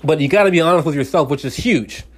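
A man's voice: fairly high pitch, fast talker, slightly rough. A man hosting his own talk show, speaking earnestly and directly to the listener in a casual, rambling way with many restarts. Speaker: radio show host.

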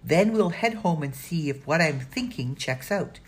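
A woman voicing a clever, cautious girl who speaks in a measured, earnest way. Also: low-pitched, expressive, slightly rough, exaggerated voice.

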